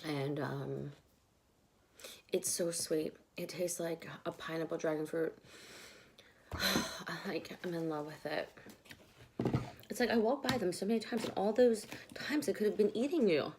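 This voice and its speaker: A woman's voice: on the low side, measured pace, long pauses, a little mellow, slight background noise. Chatty woman rambling while eating. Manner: rambling, chatty, talks between bites. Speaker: vlogger. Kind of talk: casual eating vlog chat. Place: home, at a table with dogs nearby.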